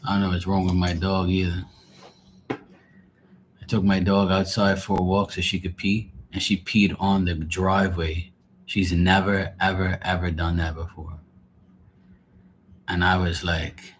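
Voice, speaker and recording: Deep-voiced male streamer, rambling, exasperated, foul-mouthed, faint hiss behind. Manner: rambling, exasperated, swears freely. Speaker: live tarot reader. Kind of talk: casual live-stream chat.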